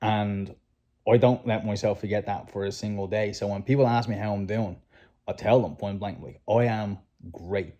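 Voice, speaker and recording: Earnest low-voiced man coaching. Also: steady tone, moderate pace, warm tone, highs cut off. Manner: earnest, coaching, repeats "right?" and "like". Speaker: host. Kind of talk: motivational advice chat.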